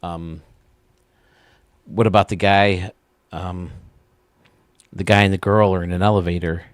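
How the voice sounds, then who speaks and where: A man's voice: sits low, fairly even intonation, unhurried, dry recording, studio quality. A male host casually telling dirty jokes and chuckling at his own punchlines. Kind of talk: casual joke-telling chat.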